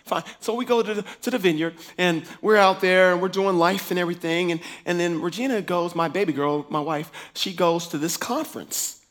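A man telling his faith testimony in a lively, animated way, acting out dialogue and laughing as he goes. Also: high-pitched, a little fast, few pauses.

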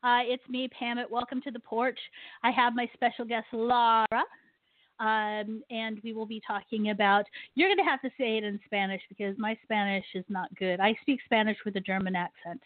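A woman's voice: a little high, fairly even intonation, normal speed, no echo. A woman hosting a talk radio show, ranting animatedly about her pet peeves and laughing often. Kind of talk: casual radio talk with a guest. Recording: tinny phone-line sound, dry.

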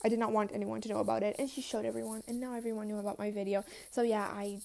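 A teenage girl telling casual storytime anecdotes, chatty and quick to swear and laugh, with lots of "like". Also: medium pitch, little pitch movement, creaky, darkish tone. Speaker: vlogger.

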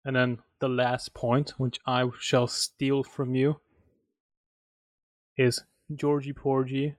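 A man's voice: medium pitch, level tone, takes it slowly, no echo, studio quality. A man co-hosting a casual racing podcast, laid-back, laughing easily and chiming in with short replies. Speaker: podcast co-host. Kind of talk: casual chat.

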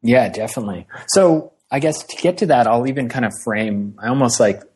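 A young man talking casually as an interview guest, telling his story in a relaxed, conversational way. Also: medium pitch, a little fast, slightly rough. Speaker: startup employee guest.

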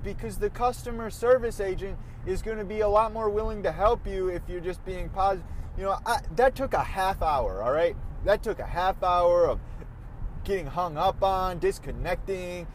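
A young man with a high, light voice tells a rambling, animated story from behind the wheel. He talks to a phone in the car while faint road and traffic noise hums underneath. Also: rough recording. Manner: rambling, animated, swears at other drivers. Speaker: vlogger. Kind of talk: casual storytelling while driving. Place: inside a car in city traffic.

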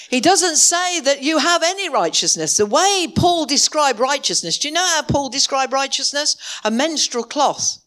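A woman's voice: high-pitched, expressive, normal speed, few pauses, fairly bright tone. A woman preacher delivering a sermon in a church, impassioned and emphatic, with repeated words for weight.

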